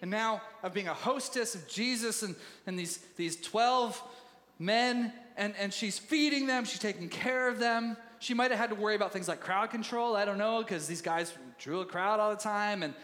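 A male pastor preaching a sermon in a conversational, animated way and laughing easily. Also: high-pitched, normal speed, big-room sound.

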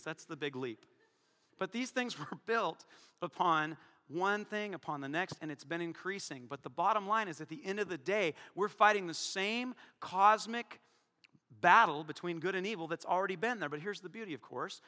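A married man preaching a sermon to his congregation, joking and swinging between loud calls and hushed asides. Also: high voice. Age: adult, married. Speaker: pastor. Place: church hall before a congregation. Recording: long hall reverb.

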